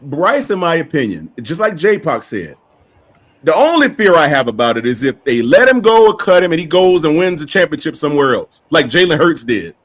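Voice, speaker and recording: A man co-hosting a casual sports debate, animated and excitable, jumping in over others. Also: on the high side, a little fast.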